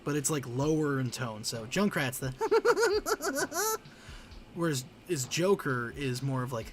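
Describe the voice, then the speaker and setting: A man's voice: mid-range voice, normal speed, few pauses. A man chatting casually on a live stream, chatty and self-deprecating, breaking into laughs.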